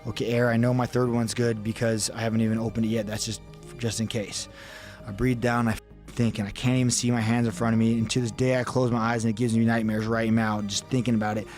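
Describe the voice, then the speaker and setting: A man's voice: mid-range voice, level tone, quick pace, a little mellow, soft background music. Man telling a story, swearing freely. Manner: vivid, acts out his own inner thoughts. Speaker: podcast guest. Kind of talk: casual storytelling.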